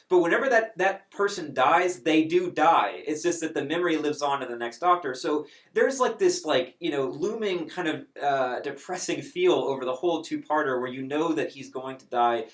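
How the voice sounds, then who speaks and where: A man chatting casually as a reviewer, animated and emotional, with many fillers. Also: on the high side, reverberant.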